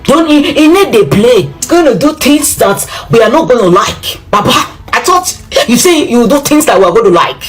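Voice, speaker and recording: A woman's voice: on the high side, very animated, moderate pace, hardly any pauses. Nigerian lady w pidgin accent, dramatic and repetitive, faint music behind. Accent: Nigerian Pidgin English. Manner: dramatic, exclamatory, repeats phrases. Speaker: commentator. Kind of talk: animated reaction monologue.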